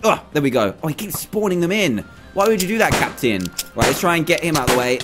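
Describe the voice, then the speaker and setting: Lively young man narrating gameplay. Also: fairly high pitch, quick pace, loud music behind the voice. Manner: excitable, jumpy, playfully scared. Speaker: gaming YouTuber. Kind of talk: casual game commentary.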